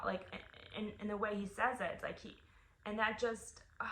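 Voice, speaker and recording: A woman's voice: medium pitch, little pitch movement, bright, forceful tone, a little hiss or hum. Emotional young mother in an echoey room. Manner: emotional, halting, many restarts and fillers. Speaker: vlogger and mother. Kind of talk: personal update vlog.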